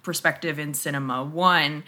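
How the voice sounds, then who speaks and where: A woman's voice: deep voice, fairly even intonation, moderate pace, pushed and bright. A woman guest in a casual interview, talking in a rambling way with many fillers and restarts and laughing often.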